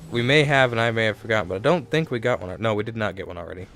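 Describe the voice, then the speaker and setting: Low-voiced man rambling over gameplay. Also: racing, fairly bright tone. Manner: rambling, self-correcting, thinking aloud. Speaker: let's play host. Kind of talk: casual gameplay commentary. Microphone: desk microphone.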